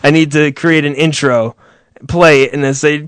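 A man's voice: on the high side, moderate pace, a bit bright, clear, resonant tone, no echo, studio quality. A man hosting a show, telling a rambling, profane story with frequent chuckles. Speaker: show host. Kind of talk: casual rambling monologue.

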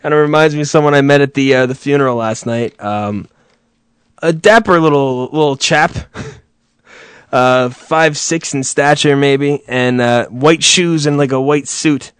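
A man's voice: mid-range voice, fairly even intonation, measured pace, fairly bright tone, clear, resonant tone, no room sound. Profane rambling male show host. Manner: profane, rambling, chuckling storyteller. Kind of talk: casual rambling monologue.

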